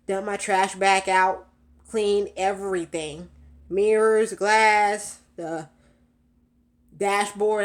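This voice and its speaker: A woman's voice: medium pitch, fairly even intonation, slow. A young woman vlogging from her car, chatting casually, a little out of breath, with lots of fillers and laughs. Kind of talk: casual storytelling vlog.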